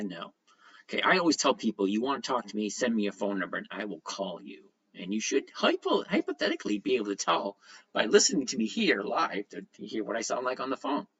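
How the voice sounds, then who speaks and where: A man's voice: medium pitch, fairly bright tone. Chatty man hosting a lo-fi livestream. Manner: chatty, greets viewers by name, reads comments aloud. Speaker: livestream host. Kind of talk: casual livestream chat. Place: at home.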